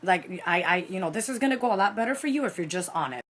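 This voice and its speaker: A woman voicing a stern middle-aged male store owner who speaks quietly and gravely. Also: mid-range voice, expressive, fast talker.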